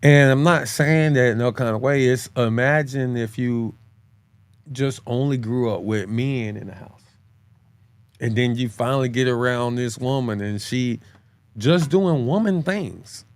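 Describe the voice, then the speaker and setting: A man co-hosting a casual chat, talking in slang, calling his listener bro, and jumping up in pitch to press his points. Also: measured pace, dry recording. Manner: animated, swings his pitch high when making a point. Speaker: podcast co-host.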